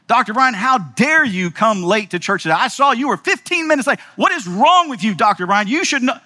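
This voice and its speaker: A preacher putting on a furious scolding pastor. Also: male voice, very high voice, animated, brisk, pitched above the performer's own voice, full character voice. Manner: harsh, shouting rebuke. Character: angry domineering male pastor scolding a churchgoer.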